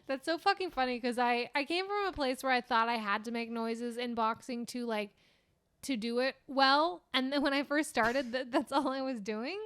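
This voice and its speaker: A woman's voice: high voice, fairly bright tone, clean tone. A young woman co-hosting a podcast, chatting casually with crude jokes and frequent laughter. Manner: crude, joking, quick to laugh. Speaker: podcast co-host. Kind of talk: casual chat.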